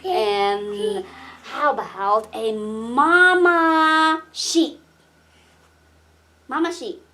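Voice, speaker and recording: Woman, mother, high voice, very slow, lilting, coaxing a little kid. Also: lively intonation, bright, forceful tone. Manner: slow, sing-song, coaxing, teacherly. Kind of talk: playing with a toddler.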